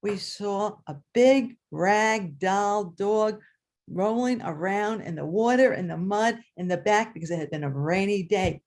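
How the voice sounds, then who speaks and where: An older woman, a former teacher, telling a story aloud at a story swap and acting out the voices with big leaps in pitch. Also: measured pace. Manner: animated, voices characters with big pitch jumps.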